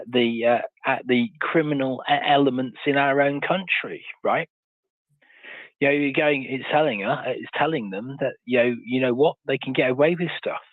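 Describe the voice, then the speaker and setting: A man hosting a live audio discussion, talking haltingly with many fillers and rhetorical questions. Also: medium pitch, no room sound. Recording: tinny phone-like audio.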